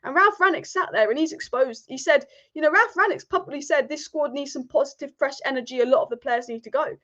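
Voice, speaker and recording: Fast-talking passionate woman football host. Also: high voice, a bit bright. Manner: passionate, ranting, repetitive. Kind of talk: live-stream fan commentary. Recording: dull lo-fi stream audio.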